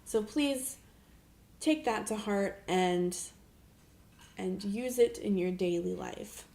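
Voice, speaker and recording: A young woman vlogger telling a story in a casual, animated way, laughing often and saying "like" a lot. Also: medium pitch. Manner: animated, with frequent laughs and filler "like".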